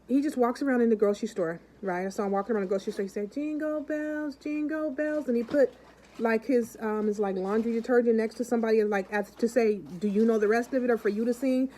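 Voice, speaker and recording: A woman's voice: on the high side, steady tone, fast, mellow, a little hiss or hum, low-quality recording. A woman vlogger chatting casually with her viewers and telling stories, acting out the people in them. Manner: chatty, keeps calling out to the viewers. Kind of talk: casual chat and storytelling to viewers.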